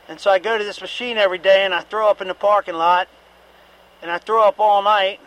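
A man's voice: sits high, fairly bright tone, low-quality recording. A middle-aged man giving a candid, repetitive personal testimony at a recovery meeting, with occasional profanity.

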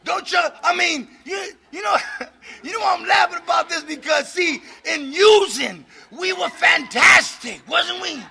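High, gravelly middle-aged man preaching recovery. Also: measured pace, some chatter behind. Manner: exhorting, shouting to the room, breaking into laughter. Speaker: speaker at a recovery meeting. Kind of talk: fiery preaching-style recovery talk.

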